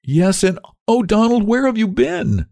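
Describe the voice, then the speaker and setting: A man voicing an excited young girl overjoyed to see her brother again, speaking in breathless, gushing exclamations. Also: high voice, measured pace, gravelly, no echo, studio quality, voice pushed up, full character voice. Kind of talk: audiobook character voice.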